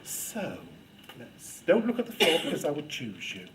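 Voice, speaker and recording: A man's voice: a little high, wildly swooping pitch, normal speed. A man leading a storytelling workshop with playful, demonstrative, teasing delivery. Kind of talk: lively workshop talk to students. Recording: loud background noise.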